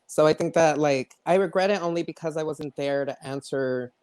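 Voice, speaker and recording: A man's voice: on the high side, moderate pace, darkish tone, clean tone. A man in a casual panel chat, speaking reflectively and hesitantly with many fillers. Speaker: podcast co-host.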